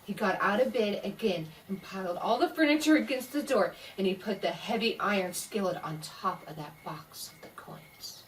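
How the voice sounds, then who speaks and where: A woman reading a scary story aloud in a slow, dramatic way, voicing the sound effects herself. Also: medium pitch, animated, distant mic, slight background noise, rough recording. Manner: slow spooky delivery with voiced sound effects.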